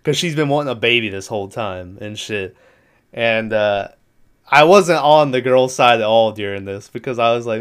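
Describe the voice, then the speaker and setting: A man's voice: medium pitch, moderate pace, smooth. A man casually recapping a movie plot in a rambling, profane way, laughing now and then. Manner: rambling, profane, laughs through his retelling.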